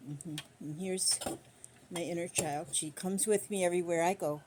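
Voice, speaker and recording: Chatting casually while sewing on her quilting vlog, an older woman rambles in a folksy way with loose country grammar. Her dark voice sits slightly low, with fairly even intonation and a moderate pace, recorded on a phone on a stand with a faint hiss behind it.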